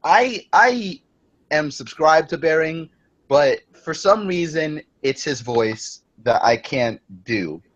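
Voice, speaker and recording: A man's voice: fairly high pitch, lively intonation, slow, fairly bright tone. A man casually chatting on a group livestream, swearing often and laughing a lot in a jokingly hot-headed way. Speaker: livestream host. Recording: dull lo-fi stream audio.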